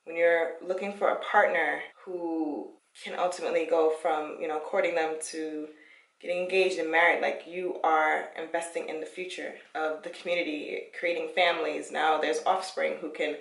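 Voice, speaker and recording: A young woman vlogging from her parents' home, talking casually about goals as she undoes her hair. Her voice sits low with a gravelly edge, and she laughs often as she encourages viewers. The sound carries an echo from the room, and she sits well back from the mic. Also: fairly even intonation, moderate pace, far from the mic. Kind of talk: casual chat while taking out hair.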